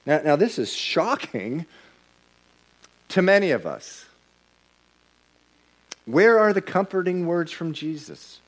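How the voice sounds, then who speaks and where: A man's voice: on the high side, very animated, takes it slowly, pauses often. A middle-aged man preaching a sermon as pastor, emphatic and repeating himself as he builds his points. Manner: emphatic, repeats words and restarts lines while preaching.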